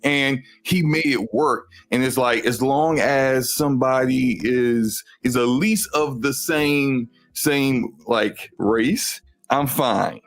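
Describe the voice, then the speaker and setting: A man's voice: mid-range voice, takes it slowly, few pauses. A man on a gaming podcast, talking animatedly in a casual debate, laughing often and restarting his words. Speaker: podcast panelist.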